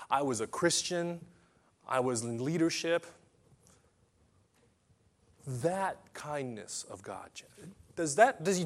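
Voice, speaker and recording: A man preaching a sermon in an impassioned way, swinging between hushed and loud passages and often repeating or restarting phrases. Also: a little high.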